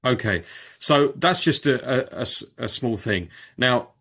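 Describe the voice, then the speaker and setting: A man casually presenting on a video call, demonstrating software and thinking aloud, with frequent fillers and restarts. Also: medium pitch, animated, unhurried, husky. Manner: informal, with many fillers and restarts. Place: home or office on a video call. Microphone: video call microphone.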